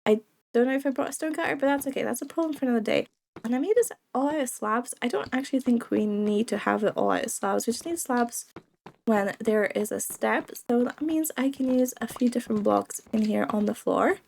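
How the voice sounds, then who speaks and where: Over slight background noise, a young woman with a cold talks briskly in a fairly high, creaky, darkish voice. She's a gaming video creator doing casual let's-play commentary, giggling and chatting with the game's creatures.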